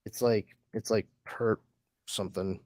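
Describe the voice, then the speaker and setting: A man speaking on the low side, in a steady, unhurried and slightly mellow tone, recorded dry with clean studio sound. Hosting a casual podcast, he reads listener comments aloud and rambles, often restarting and using fillers.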